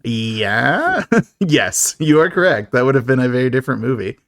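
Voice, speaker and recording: A man's voice: medium pitch, big pitch swings, a bit bright, dry recording, studio quality. A man co-hosting a horror movie podcast, joking and laughing often in casual chat. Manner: jokey, quick to laugh. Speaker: podcast co-host.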